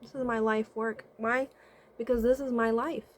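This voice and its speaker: A slightly high-voiced woman, a vlogger and spiritual consultant, delivers a casual advice monologue to camera with fairly even intonation at a moderate pace. She asks lots of rhetorical questions, checks in with listeners, and often hums "mm-hmm" while thinking aloud.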